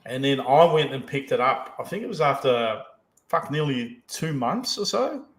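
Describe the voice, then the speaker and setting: A man's voice: medium pitch, lively intonation, normal speed. A male podcast host in casual chat, telling stories and swearing heavily as he rambles. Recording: roomy echo.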